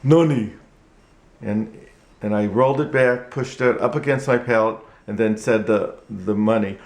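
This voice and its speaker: A man teaching ventriloquism in a tutorial vlog, halting and repetitive, with frequent restarts. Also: on the low side, steady tone, gravelly. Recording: echoey room.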